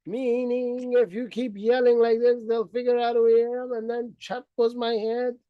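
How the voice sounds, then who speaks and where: Mocking religious history in a lecture-like way, a man with a very high-pitched voice and little pitch movement speaks at normal speed in a clean tone. He theatrically acts out the figures as he retells events, and the lo-fi recording has no room sound.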